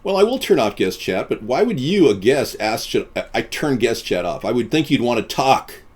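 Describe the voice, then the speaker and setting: A man hosting a live stream, chatting with viewers in a deadpan, boastful way and jumping from topic to topic. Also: mid-range voice, normal speed, breathy edge.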